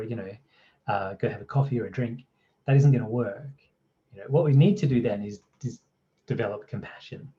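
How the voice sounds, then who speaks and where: A man's voice: medium pitch, dark tone, dull audio. A man with an Australian accent presenting a training course, explaining in a conversational way and often checking in with "right?" and "you know". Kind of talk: explanatory talk to camera.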